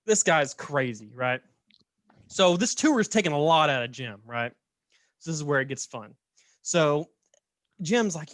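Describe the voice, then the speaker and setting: A man's voice: fairly high pitch, expressive, measured pace, pauses often, a bit bright, no room sound, studio quality. A man casually telling a story on a podcast, chatty and laughing, often checking in with "right?". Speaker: podcast host.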